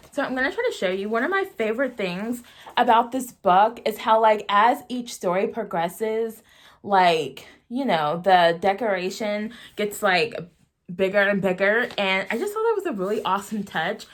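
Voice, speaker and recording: A woman's voice: medium pitch, big pitch swings, normal speed. A young woman reviewing her favorite books in a casual vlog, gushing and giggling, with lots of "like" and "oh my gosh". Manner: gushing, giggly, heavy use of "like". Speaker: book vlogger.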